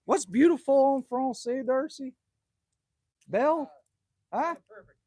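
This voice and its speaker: A man's voice: very high-pitched, animated, measured pace, dark tone, a little hiss or hum. A man in his fifties from Canada, hosting a casual livestream at his cabin and bantering crudely with chat. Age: 50s. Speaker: livestream host. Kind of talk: casual live chat reading viewer comments. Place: outdoors at a cabin by a campfire.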